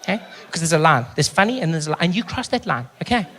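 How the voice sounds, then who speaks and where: A man with a South African accent performing a stand-up routine in animated storytelling, swinging between quiet asides and loud punchlines. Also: on the high side, fast, slight background noise. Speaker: stand-up comedian. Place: stage.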